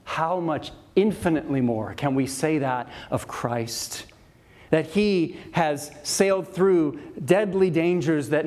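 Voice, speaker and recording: A male pastor delivering an evening sermon in a slightly higher-than-usual voice. He preaches with earnest emphasis and returns to key phrases again and again to drive his points home. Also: darkish tone.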